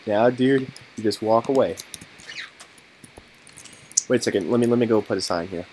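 A man's voice: fairly low pitch, normal speed, dark tone, slight background noise, poor audio. A man giving casual, joking commentary over his game video and talking to his viewers. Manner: joking, laughs often, talks to viewers. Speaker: gaming video host.

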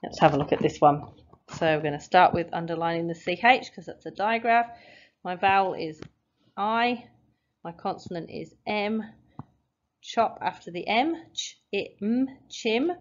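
A woman's voice: lowish voice, lively intonation, a little slow, dull audio. A woman teaching a phonics lesson, patiently sounding out letters and syllables step by step. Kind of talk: phonics lesson, explaining at a board.

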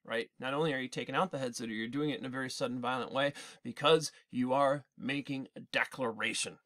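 A male teacher giving an animated, digressive literature lecture in class, with frequent restarts. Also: mid-range voice. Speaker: English teacher.

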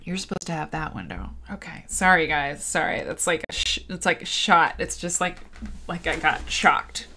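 A woman's voice: sits low, moderate pace, pushed and bright, a little hiss or hum. A woman in her thirties hosting a casual livestreamed quilting show, emotional and talking to her viewers directly. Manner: emotional, talks to viewers and reads comments aloud. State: tearful at times.

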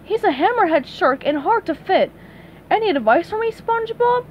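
A woman's voice: extremely high pitch, very animated, moderate pace, muffled recording, slight background noise, pitched above the performer's own voice. Woman doing a chatty wife seeking advice. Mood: asking.

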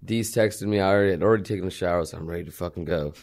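A young man from California, a guest in casual chat on a podcast. His voice sits on the low side. He tells stories in a relaxed, profane, laugh-filled way. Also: very fast. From California, USA. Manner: laid-back profane storytelling, laughs often.

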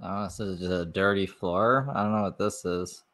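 A man hosting a live stream, talking in a rambling, offhand, low-key way as he comments on clips. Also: fairly even intonation, moderate pace, fairly bright tone. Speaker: livestream host.

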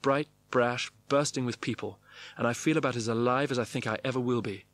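A man's voice: medium pitch, steady tone, a little fast, a bit bright. Man reading a wry diary. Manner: clipped, wry diary-style phrasing. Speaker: narrator. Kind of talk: reading a memoir diary aloud.

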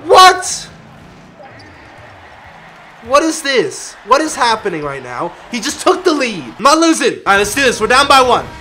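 Excitable high-voiced man commentating gameplay. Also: normal speed, pauses often, soft background music. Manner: excitable, shouts at his players, laughs often. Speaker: gaming YouTuber.

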